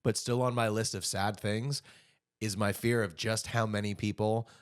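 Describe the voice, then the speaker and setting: A man's voice: on the low side, moderate pace. A man co-hosting a podcast in casual chat, telling stories with frequent asides. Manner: animated storytelling with frequent asides. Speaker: podcast co-host.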